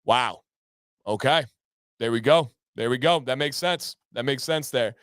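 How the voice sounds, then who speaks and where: A man from Michigan hosting a casual livestream, reading viewer comments aloud and chatting in an animated way, laughing often and repeating his phrases. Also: medium pitch, unhurried, clean tone, no room sound, clean studio sound. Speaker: livestream host.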